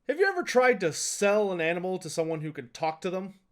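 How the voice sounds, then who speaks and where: A folksy horse trader who is wary of wizards, put on by a man running the game. He speaks a little higher than an ordinary man, asks pointed questions in an offhand way, and sounds plainly like a game master doing a voice. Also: very animated, a little fast, fairly bright tone.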